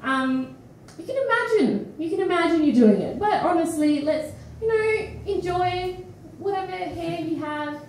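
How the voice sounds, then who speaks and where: Tired Australian woman poet, high voice, frank stage banter, echoey mic from far off. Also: measured pace, a little hiss or hum. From Perth, Australia. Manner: animated, frank, swears often, laughs mid-sentence. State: tired and phlegmy. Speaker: feature poet. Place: small indoor studio venue with live audience.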